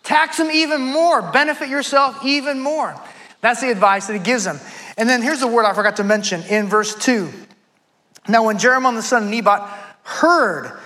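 A man's voice: high voice, a bit bright, low-quality recording. A man preaching a sermon, retelling a scripture story in a casual, conversational way and reading verses aloud. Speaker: pastor.

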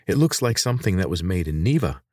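A man voicing a sharp-tongued teenage girl inventor in a read-aloud story, blunt and sarcastic. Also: low-pitched, sing-song, quick pace, no echo, clean studio sound. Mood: sarcastic, probing.

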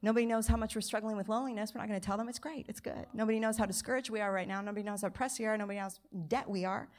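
A woman pastor preaching a sermon at a church service, telling a childhood story with lively acted-out quotes. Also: mid-range voice, racing.

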